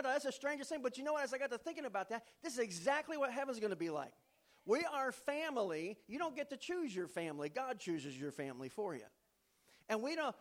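A male pastor preaching a homecoming sermon in a church, telling stories with folksy humor and preacher's emphasis. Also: high voice. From not from the American South.

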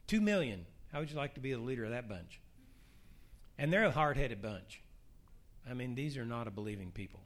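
A middle-aged man preaching a sermon, shifting between soft, hushed prayer lines and rising, emphatic questions. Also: mid-range voice, very animated, brisk.

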